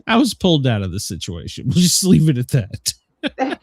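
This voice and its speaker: A man chats and jokes through a casual livestream show, his pitch swinging lively up and down. The sound is dry and close, with no room around it. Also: moderate pace, husky, dry recording. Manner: joking, rambling, self-mocking. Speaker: co-host of a daily news talk show.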